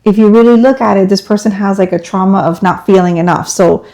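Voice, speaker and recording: Mellow-voiced woman in casual chat. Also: mid-range voice, quick pace, poor audio. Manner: chatty, earnest, trailing sentences. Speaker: podcast co-host.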